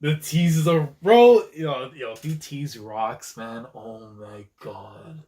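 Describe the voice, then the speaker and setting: Male reaction host, fairly high voice, slangy and excitable, for casual live commentary on a manga chapter. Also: slow. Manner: excitable and slangy, with frequent exclamations.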